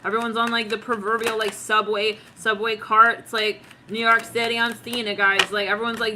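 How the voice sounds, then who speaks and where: A woman's voice: on the high side, little pitch movement, a little fast, hardly any pauses, background noise. A woman doing a tarot reading in a slangy, giggly way, acting out what she senses with lots of "it's like". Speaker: tarot reader.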